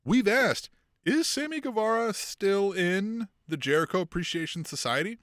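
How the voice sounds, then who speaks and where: A man co-hosting a podcast, chatting casually about wrestling, swearing freely and laughing between points. His voice sits somewhat high and swings widely in pitch. It has a bright, forceful edge, recorded close and dry. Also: moderate pace, dry recording. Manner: profane, animated, laughs often while talking. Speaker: podcast co-host.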